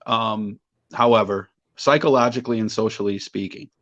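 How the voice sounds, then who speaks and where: A man's voice: fairly low pitch, fairly bright tone, dull audio. A man co-hosting a podcast, chatting in a casual debate and picking his words with care as he goes. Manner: measured, searching for words. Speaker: podcast co-host.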